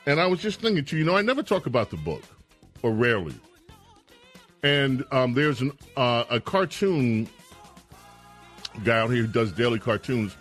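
A man with a medium-pitched voice hosts a political talk radio show, sounding animated and indignant and restarting often.

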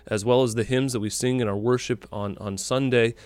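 A man's voice: mid-range voice, fairly even intonation, brisk, a little mellow, clean tone, dry recording. Conversational male radio host, dry sound. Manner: conversational, with many fillers. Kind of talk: radio interview.

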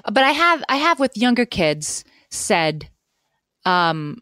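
A woman's voice: mid-range voice, big pitch swings, slow pace, pushed and bright, clean tone, no room sound, clean studio sound. A woman in her forties co-hosting a podcast, talking things through earnestly in casual chat and restarting her sentences as she thinks. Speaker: podcast co-host.

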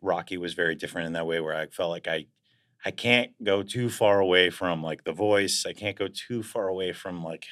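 A man's voice: low voice, brisk, fairly bright tone. A man being interviewed as a guest actor, talking in a reflective, casual way and searching for words as he goes.

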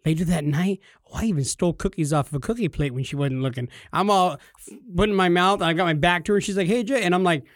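High voiced guy on a podcast, super animated, does little voices telling his stories, dry sound. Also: quick pace, no room sound. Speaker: podcast co-host. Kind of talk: animated storytelling chat.

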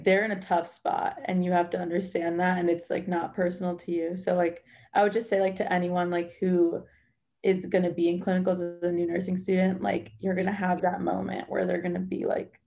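Gravelly young woman, earnest and chatty. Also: on the low side, dark tone. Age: 20s. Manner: earnest, heavy use of "like". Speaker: nursing student guest. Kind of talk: casual podcast chat.

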